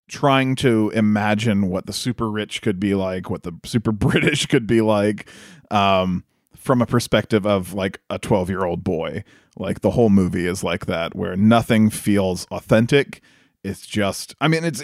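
A young American man co-hosting a casual movie-review podcast, wry and quick to laugh. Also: on the low side, creaky, no echo, studio quality. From United States. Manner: laughs often, wry and agreeable. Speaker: podcast co-host.

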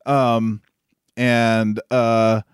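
A man co-hosting a podcast in easy, casual chat, at an average pitch. He talks in an animated way, laughs often and fills his sentences with "like." The recording is dry and close. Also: drawn-out words, clean tone, dry recording. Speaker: podcast co-host.

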